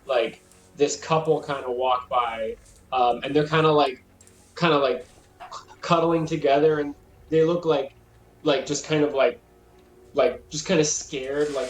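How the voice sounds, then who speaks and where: A man's voice: fairly high pitch, fairly even intonation, measured pace, long pauses. A young man narrating as game master in a rambling way, full of fillers. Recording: roomy sound with faint music.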